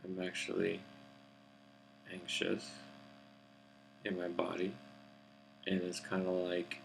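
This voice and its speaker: Very deep, gravelly man speaking slowly. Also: slight background noise. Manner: relaxed, grounded chest voice; unhurried, thoughtful and searching for words. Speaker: vlogger. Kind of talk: reflective personal video update. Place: seated in a chair indoors.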